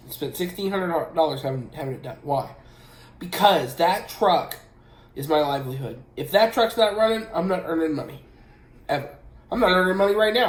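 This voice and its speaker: A man who drives trucks giving casual safety advice at home, emphatic and repeating his points with a frequent "okay?". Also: on the high side. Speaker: truck driver and channel host. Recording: roomy echo.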